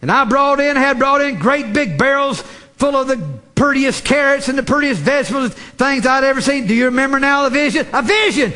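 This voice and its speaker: Fervent high-voiced male preacher. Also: brisk. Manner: fervent, repeats phrases, builds to shouted emphasis. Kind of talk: sermon.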